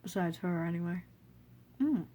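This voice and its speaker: A woman voicing a kindly, remorseful monster king who speaks softly and apologetically. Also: lowish voice, lively intonation, moderate pace, a little hiss or hum, lightly acted. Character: gentle remorseful goat-monster king, older male.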